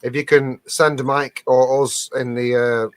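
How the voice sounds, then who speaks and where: A man's voice: mid-range voice, level tone, takes it slowly, no room sound. A man co-hosting a casual live stream, reading viewer comments aloud and laughing often. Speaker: co-host reading out viewer captions.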